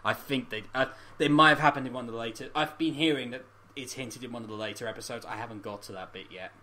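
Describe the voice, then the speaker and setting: A man co-hosting a casual podcast chat, animated and swearing freely, often laughing. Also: mid-range voice, quick pace, slight background noise. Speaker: podcast co-host.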